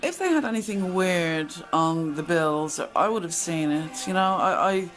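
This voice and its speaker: A woman's voice: fairly low pitch, lively intonation, measured pace, faint music behind, rough recording. A middle-aged woman telling stories from her past in a casual, blunt monologue. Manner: chatty, blunt, acts out quoted exchanges. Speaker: channel host.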